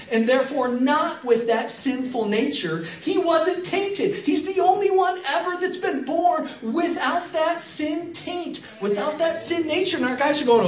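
A man's voice: sits high, highs cut off. A man speaking as a missionary in a sermon, telling a story, acting out the quotes and repeating phrases for emphasis.

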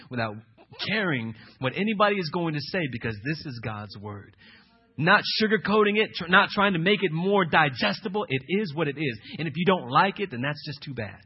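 A male pastor delivers a sermon with a somewhat high, husky voice. He moves between loud, emphatic declarations and low, pressing asides. The recording sounds dull and muffled.

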